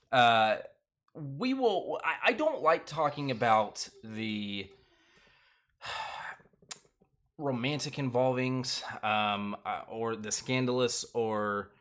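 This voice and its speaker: A man's voice: fairly low pitch, fairly bright tone. Rambling man chatting on a live stream. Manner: rambling, many fillers and restarts, laughs often. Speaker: show recap host. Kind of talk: casual live-stream chat.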